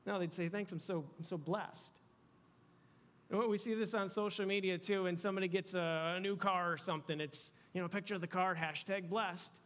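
A man's voice: sits high, fairly even intonation, fast, few pauses, a bit bright. A man preaching a sermon to a young crowd in a casual, conversational way, often restarting his words. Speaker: youth pastor. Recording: long hall reverb.

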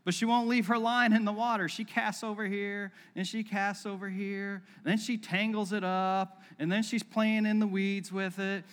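A pastor preaching a sermon in a relaxed, joking way, acting out everyday scenes for his listeners. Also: high-pitched, moderate pace, hardly any pauses. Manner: conversational and joking, acts out little scenes. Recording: long reverb of a hall.

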